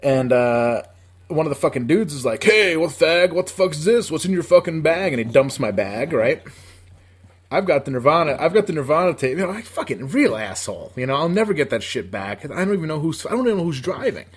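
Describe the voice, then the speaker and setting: A man's voice: medium pitch, big pitch swings, fairly quick, breathy edge. Profane rambling man telling a story. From upstate New York. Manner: profane, rambling, laughs often. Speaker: podcast co-host. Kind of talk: casual storytelling.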